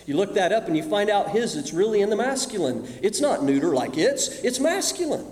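A man preaching a sermon, swinging between loud emphasis and hushed asides. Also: fairly high pitch, animated, quick pace, few pauses, a little hiss or hum. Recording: echoey hall with long reverb.

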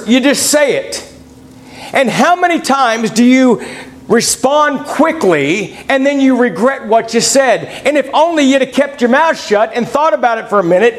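A middle-aged man preaching a folksy sermon, reading scripture aloud and telling personal stories. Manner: folksy, reads scripture aloud, pitch swings widely between points.

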